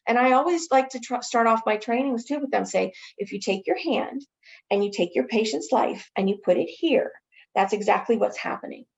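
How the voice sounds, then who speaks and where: A woman training others in infection prevention, answering a webinar question as an enthusiastic, animated storyteller. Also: a little high, normal speed, creaky, muffled recording.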